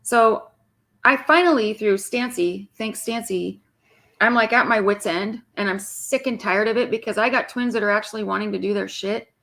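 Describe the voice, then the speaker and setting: A woman's voice: mid-range voice, moderate pace, creaky, a bit bright. A woman twin flame coach speaking bluntly and with exasperation to her viewers, swearing freely and mimicking clients.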